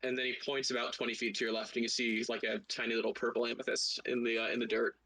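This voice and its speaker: A man's voice: medium pitch, flat delivery, fast talker, a crowd in the background, poor audio. A man running a tabletop game as game master, narrating loosely and laughing often.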